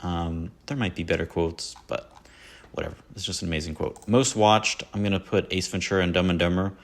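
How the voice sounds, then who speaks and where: A man's voice: deep voice, fairly even intonation, a little fast. A man hosting a casual solo podcast, rambling and self-mocking about his favorite films and slipping into quoted lines. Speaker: podcast host. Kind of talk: casual solo movie talk.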